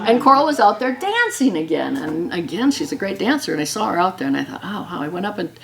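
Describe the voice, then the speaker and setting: An older woman from Wisconsin telling her story to an audience, chatty and quick to laugh. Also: mid-range voice, very animated, gravelly. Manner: warm, chatty, laughs often.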